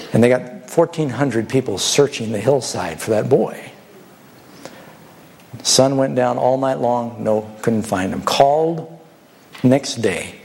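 A man's voice: medium pitch, a little mellow. A man preaching a sermon, telling stories and asking the congregation rhetorical questions.

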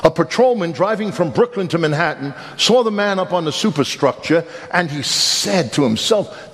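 A man's voice: fairly high pitch, fairly quick, few pauses, big-room sound. A man preaching a sermon, telling a joke with acted voices and then reading scripture, repeating words as he builds. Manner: animated storyteller, repeats words, quotes scripture.

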